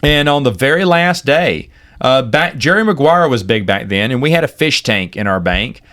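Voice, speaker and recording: Animated storytelling man, lively pitch. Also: moderate pace. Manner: animated, acts out quoted people with big pitch jumps. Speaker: podcast host. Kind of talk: casual storytelling.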